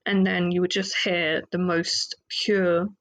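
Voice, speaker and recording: A woman's voice: lowish voice, little pitch movement, takes it slowly, rough recording. A woman with an English accent hosting a solo podcast, chatting casually in a rambling, self-deprecating way with lots of fillers. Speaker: podcast host.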